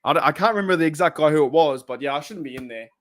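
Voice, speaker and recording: A man's voice: fairly high pitch, expressive, rapid-fire. An Australian man hosting a casual live stream, talking bluntly and heatedly and swearing freely.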